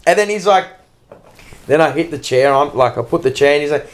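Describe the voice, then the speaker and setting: A man's voice: on the high side, animated, a little fast. An Australian man co-hosting a podcast, bantering bluntly with swearing in casual chat. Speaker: podcast co-host.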